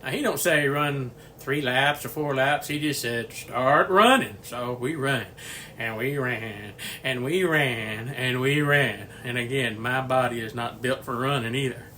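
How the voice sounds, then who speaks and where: Speaking a little slowly with fairly even intonation, his mid-range voice is pushed and bright, with slight hiss or hum. This home cooking channel host in his sixties chats casually in his kitchen video, rambling through folksy stories and chuckling often.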